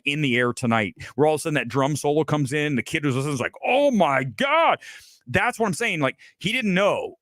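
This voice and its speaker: A man's voice: a little high, fairly bright tone, no room sound, clean studio sound. A man hosting a film review livestream, talking bluntly and emphatically with self-assured opinions. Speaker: film critic host.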